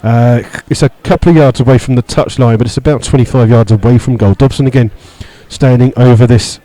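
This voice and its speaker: Brief: male radio football commentator, mellow tone, halting play-by-play full of fillers, gets worked up over referee calls. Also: poor audio. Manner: steady play-by-play with many fillers, rising in pitch when indignant. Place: stadium stand among fans.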